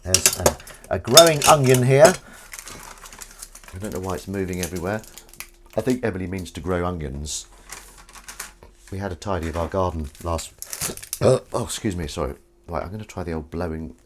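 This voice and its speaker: A man's voice: sits low, animated, normal speed, long pauses. Playful English man chatting over clattering dishes. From England. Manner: playful, rambling, punning with viewers. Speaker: livestream host reading chat. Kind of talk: casual chat while washing up. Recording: dish clatter and noise behind. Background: clattering dishes and cutlery.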